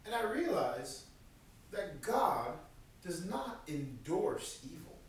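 Animated male preacher, high voice, boomy hall sound. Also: slow, a little hiss or hum. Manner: animated, acts out voices of God and prophets. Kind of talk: sermon. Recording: echoey room from far off.

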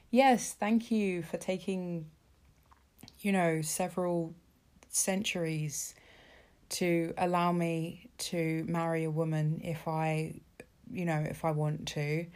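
A woman's voice: low-pitched, darkish tone. A woman ranting casually about politics, sarcastic and exasperated, swearing freely and filling with asides. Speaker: vlogger.

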